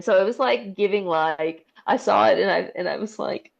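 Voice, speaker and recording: A woman's voice: lowish voice, fairly quick, vocal fry, few pauses, highs cut off. A woman in casual podcast chat who swears freely and laughs often. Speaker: podcast co-host.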